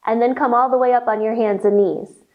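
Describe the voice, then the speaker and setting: A woman's voice: fairly high pitch, fairly even intonation, a little fast, phone-quality sound. A woman teaching yoga to children, giving playful sing-song instructions during a storytime. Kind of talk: guiding a kids' yoga storytime.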